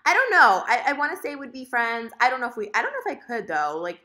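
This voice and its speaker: A woman vlogger rattles through a breakup story at high speed. Her voice is bright and edgy, and she keeps circling back with filler words and emotional asides. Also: very animated, fast talker. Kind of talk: casual storytime rant to camera.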